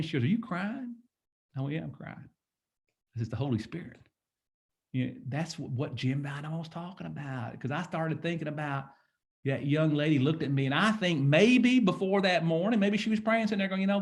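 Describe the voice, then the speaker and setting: A man in his fifties giving an emphatic, preachy motivational talk, often asking "guess what?". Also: a little high. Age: 50s. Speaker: motivational speaker.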